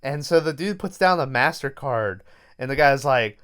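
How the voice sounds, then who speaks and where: A man with a smooth, clear voice at a middle pitch, retelling a horror film scene by scene. He talks loosely and swears often, as he would in casual chat. He is recording from his bed at home. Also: animated, moderate pace, a bit bright. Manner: loose, profane storytelling. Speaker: podcast host. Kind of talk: casual movie recap.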